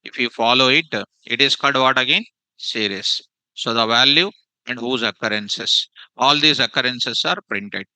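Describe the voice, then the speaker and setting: Very bright, crisp teacher. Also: male voice, mid-range voice, normal speed, no echo, low-quality recording. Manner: repeats phrases and quizzes students with "what?" prompts. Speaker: programming teacher. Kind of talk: live classroom lecture.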